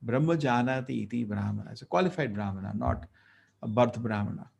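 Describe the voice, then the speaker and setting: A man's voice: mid-range voice, lively intonation, brisk, gravelly, a little mellow, breathy edge. A man giving a lecture at a temple. He tells a story conversationally and acts out the dialogue. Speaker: temple speaker.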